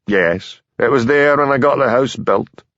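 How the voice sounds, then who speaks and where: A man voicing a blunt, bitter factory owner who answers questions gruffly in an audiobook. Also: mid-range voice, measured pace, a bit bright, no echo, highs cut off, voice pushed up.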